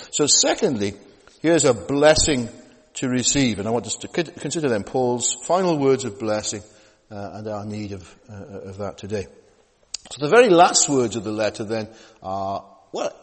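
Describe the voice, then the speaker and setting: A male preacher gives a conversational sermon in a church hall, and his voice echoes with a long reverb. His pitch moves in a lively, animated way as he speaks. He stumbles and restarts often and keeps checking in with his listeners through tag questions.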